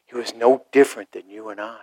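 A middle-aged man preaching a sermon to a congregation, animated, acting out short mocking voices and asides. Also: medium pitch, fairly quick, slightly rough, low-quality recording. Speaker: pastor.

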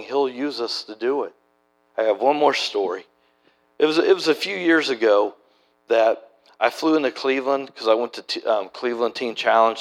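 A middle-aged man preaching a sermon, telling stories in a folksy, conversational way with many restarts. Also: mid-range voice. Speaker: preacher and church planter. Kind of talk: sermon storytelling.

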